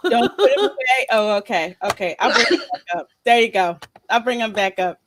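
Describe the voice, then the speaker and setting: A woman's voice: a little high, animated, brisk. A woman hosting a casual livestream chat show, talking in a chatty, giggly way with lots of fillers. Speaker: talk show host.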